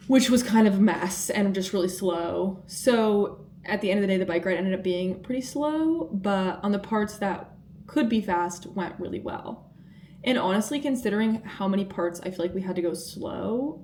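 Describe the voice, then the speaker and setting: A woman's voice: mid-range voice, darkish tone, slight background noise. A woman chatting casually to camera as a vlogger, upbeat and rambling with lots of fillers. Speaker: vlogger training for triathlon. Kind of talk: casual vlog chat to camera.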